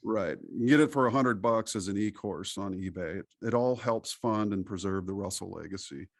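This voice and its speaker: A middle-aged man with a low, gravelly voice talks at length as a podcast guest. He tells stories in an animated, preachy way. The sound is dry and close. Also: brisk, dry recording. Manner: animated, preachy storytelling with acted quotes. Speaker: interview guest. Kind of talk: casual podcast interview.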